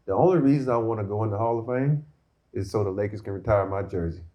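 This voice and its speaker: A former basketball player, appearing as a guest in a casual storytelling interview, speaks quickly in a voice on the low side. He tells his stories animatedly and laughs often. The interview was recorded in an outdoor courtyard before a live audience.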